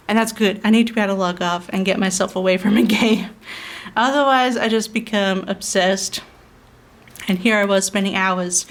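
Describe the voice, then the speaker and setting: A young adult woman from South Australia with an Australian accent, chatting in a rambling, casual way with many fillers and frequent small laughs. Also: medium pitch. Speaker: planner vlogger. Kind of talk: casual chat over planning.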